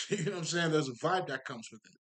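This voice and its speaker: A man's voice: fairly high pitch, lively intonation, fast talker, fairly bright tone. Man, casual spiritual talk, swears a lot, emphatic, rambling, lots of fillers. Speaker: spiritual talker.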